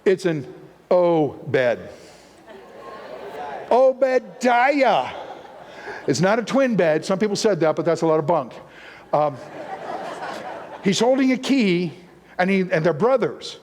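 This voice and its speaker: High-voiced punning preacher in a church. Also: male voice, very animated, slow pace, long pauses, a little mellow, a little hiss or hum. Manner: playful, punning, acts out voices. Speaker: guest preacher. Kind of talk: sermon teaching. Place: church sanctuary with live audience. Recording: long reverb of a church hall.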